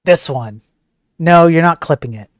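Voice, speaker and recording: A man's voice: on the high side, lively intonation, measured pace, dry recording, clean studio sound. A man hosting a casual tech news stream, ranting bluntly and joking as he reads the stories. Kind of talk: casual live-stream commentary.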